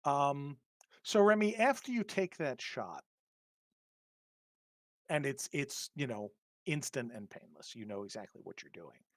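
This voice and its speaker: A man running a tabletop game, narrating scenes in a relaxed way with plenty of ums. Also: medium pitch, measured pace, long pauses, dry recording. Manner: relaxed, many ums and fillers. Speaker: game master.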